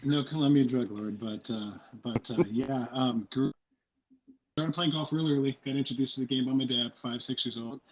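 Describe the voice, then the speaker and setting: A man's voice: mid-range voice, fairly even intonation, moderate pace, lo-fi sound, crowd noise. A man from California, a podcast co-host telling his story in a laid-back, rambling way over a phone. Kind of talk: casual podcast chat.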